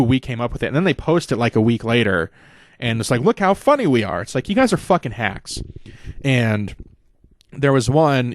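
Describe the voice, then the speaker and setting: Young male podcast host, mid-pitched, rambling and profane, dry close sound. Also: dry recording. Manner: rambling, profane, acts out quotes in a higher voice. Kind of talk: casual wrestling recap.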